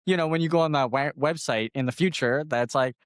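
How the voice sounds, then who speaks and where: A man co-hosting a comedy podcast, rambling through deadpan jokes and acting out other people's lines in casual banter. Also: on the high side, brisk, smooth, dry recording, clean studio sound. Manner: rambling, acts out quoted voices.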